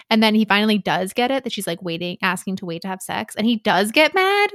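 A young woman co-hosting a podcast, chatting casually about a book in an animated way, with fillers and swearing. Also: mid-range voice, brisk, hardly any pauses, no echo, studio quality. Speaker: podcast co-host.

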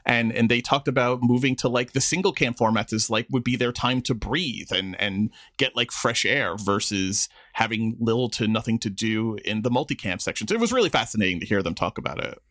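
Bright-voiced male podcast co-host. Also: medium pitch, a little fast, hardly any pauses, no room sound, clean studio sound. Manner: conversational, chatty with frequent fillers and restarts. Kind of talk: casual podcast chat.

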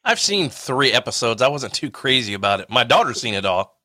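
Interviewer man with short bright reactions. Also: mid-range voice, very animated, a little fast, dry recording, studio quality. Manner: brief reactions and laughter. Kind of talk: casual interview.

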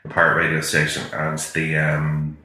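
A man's voice: extremely low pitch, completely flat delivery, moderate pace, bright, forceful tone, heavy reverb. A man from Ireland, a guest telling rambling stories from his childhood in a casual interview. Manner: rambling, anecdotal storytelling.

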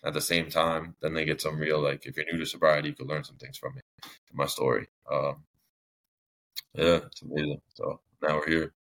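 A man's voice: rumbling low, little pitch movement, normal speed, fairly bright tone. A young man telling his story as a podcast guest, rambling and filling his talk with "like". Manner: rambling, heavy use of "like", long-winded. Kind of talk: casual storytelling in an interview.

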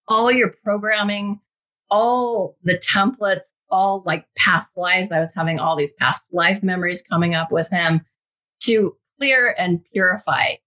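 A woman in her thirties, a guest telling a personal spiritual story in an animated, casual way. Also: on the low side.

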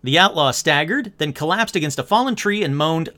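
A man narrates in a chatty, joking way, reading passages aloud and then commenting on them. His voice sits high and bright, with a lot of swing in the pitch. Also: expressive, brisk. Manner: jokey, chatty asides and wry comments. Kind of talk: casual storytelling with read-out passages.

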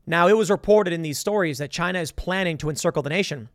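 A man's voice: fairly high pitch, fast talker, no room sound, clean studio sound. A man delivering blunt, sarcastic political commentary in a monologue.

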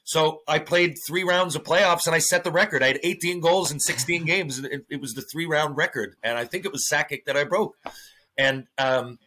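A man swearing freely as he acts out old locker-room stories in a casual podcast chat. His voice sits a bit high and sounds bright and forceful. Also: moderate pace. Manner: profane, animated storytelling with acted-out quotes. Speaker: podcast guest, former hockey player. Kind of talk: casual storytelling interview.

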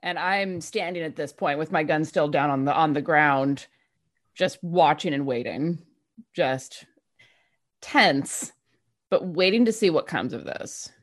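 A woman's voice: low voice, lively intonation, unhurried. A woman playing a tabletop role-play, speaking in tense, clipped in-character lines. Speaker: player.

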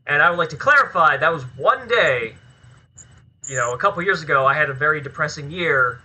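A man being interviewed as a filmmaker and actor, talking in an animated, rambling way with plenty of swearing in a casual chat. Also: a little high, fairly quick, poor audio.

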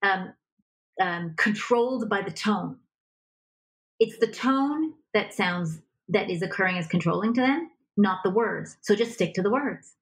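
Animated woman giving relationship advice. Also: mid-range voice, measured pace, rough recording. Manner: animated, acts out example dialogue. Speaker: relationship coach, guest. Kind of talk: conversational advice in a podcast interview.

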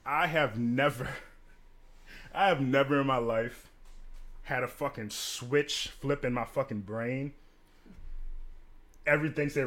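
Guy bartender ranting a story, bright tense voice, swears a lot, does all the voices. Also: medium pitch, unhurried, long pauses. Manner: animated, profane, acts out quotes with big swings. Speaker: podcast co-host and bartender. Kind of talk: casual storytelling chat.

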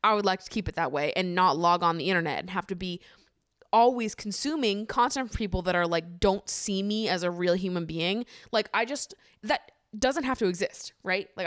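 A young woman hosting a casual solo podcast, ranting in an opinionated, profane, animated way with bursts of laughter. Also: lowish voice, no room sound, studio quality. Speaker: podcast host.

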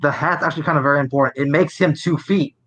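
A man's voice: on the high side, steady tone, quick pace, a bit bright. A man playing a tabletop game, joking with mock indignation. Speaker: player. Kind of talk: casual tabletop game chat.

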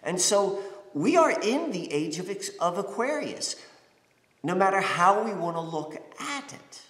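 A man's voice: sits high, big pitch swings, a little slow, fairly bright tone. A man from the United States giving a reflective spiritual talk, rambling with many fillers and restarts. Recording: echoey room with long reverb.

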